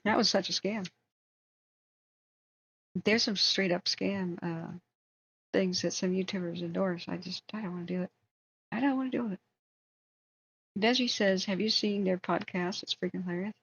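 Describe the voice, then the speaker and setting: An American woman hosting a long wildfire-tracking livestream, chatting casually, rambling and opinionated, reading viewer comments aloud. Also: medium pitch. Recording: dull lo-fi stream audio.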